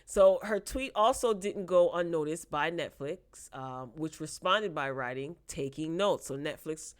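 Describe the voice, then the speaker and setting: A woman's voice: low voice, a little slow. A woman hosting a casual entertainment news chat, reading headlines aloud and breaking in with laughing asides. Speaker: host.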